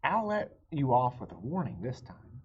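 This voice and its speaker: A man voicing a stern, grumpy male park policeman in a storybook reading, with a squeaky, scolding delivery. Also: big pitch swings, normal speed, darkish tone, dull audio, a little hiss or hum, close to an everyday voice.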